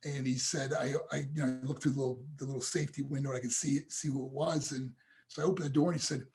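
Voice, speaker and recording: A man with a mid-range, slightly mellow voice speaks fast and fairly evenly as a podcast guest on a video call. The motivational speaker tells a personal story with real feeling, calling his hosts "guys."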